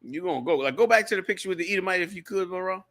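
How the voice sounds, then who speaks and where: A man's voice: high-pitched, expressive, racing, crowd noise. A man hosting a talk radio show, speaking emphatically with repeated phrases and frequent laughter. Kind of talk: casual talk radio banter.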